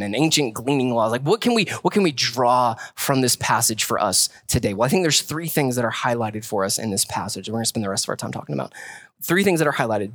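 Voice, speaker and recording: A male pastor giving a sermon in a relaxed, conversational way. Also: mid-range voice, no echo. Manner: conversational, casual.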